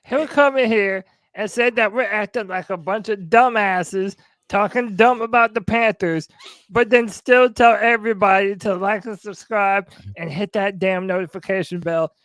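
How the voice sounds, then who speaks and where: A man's voice: sits high, steady tone, normal speed, a bit bright, dry recording, rough recording. A man co-hosting a sports podcast, joking and teasing in casual chat. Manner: jokey and laughing. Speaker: podcast co-host.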